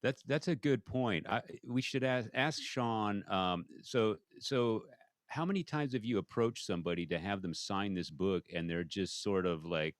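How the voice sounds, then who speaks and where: A man's voice: lowish voice, unhurried, no room sound, clean studio sound. A man hosting a podcast, interviewing a guest with long, rambling questions. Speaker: podcast host.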